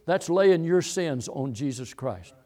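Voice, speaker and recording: A man preaching a sermon, moving from calm, halting explanation to fervent, near-shouting emphasis, with many repetitions and restarts. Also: a little high. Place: rural, works in a barn.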